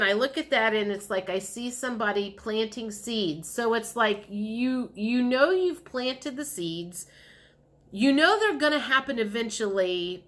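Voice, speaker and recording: A woman's voice: mid-range voice, a bit bright. A woman giving a casual tarot reading to her viewers, chatty and repetitive, sometimes acting out what the listener might say. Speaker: tarot reader.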